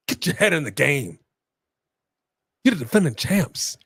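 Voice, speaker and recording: A man co-hosting a casual live stream, reacting aloud and shouting at the screen. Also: a little high, sing-song, unhurried, pauses often, slightly rough. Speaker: co-host.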